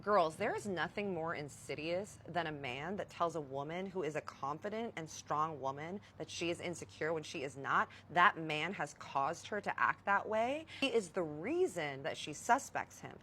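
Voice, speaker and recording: Low-voiced woman telling a candid story. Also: lively intonation, moderate pace, few pauses, sharp tone, slight background noise. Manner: candid, profane, confiding. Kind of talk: storytime vlog.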